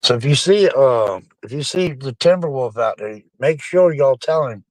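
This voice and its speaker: A man's voice: mid-range voice, animated, moderate pace, few pauses, a little mellow, dry recording. A middle-aged man, rambling casually and profanely to his live-stream chat, calling them folks.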